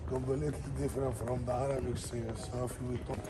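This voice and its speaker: A man's voice: mid-range voice, level tone, fast talker, heavy background noise. A middle-aged man, a Nubian speaker working as a local guide, talking in broken English in a talkative, laughing way.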